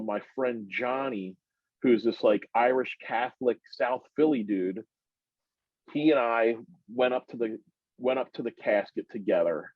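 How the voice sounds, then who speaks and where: A middle-aged man on a podcast, telling a long, rambling personal story that climbs much higher in pitch as he gets worked up. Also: no echo. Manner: rambling, animated storyteller who climbs high when excited. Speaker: podcast guest. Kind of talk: casual storytelling. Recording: muffled, dry recording.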